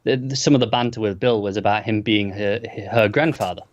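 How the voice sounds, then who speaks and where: A man's voice: lowish voice, fairly quick. Man talking fan news on a dull recording. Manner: enthusiastic, explaining, slightly defensive. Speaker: podcast co-host. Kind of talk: casual review chat.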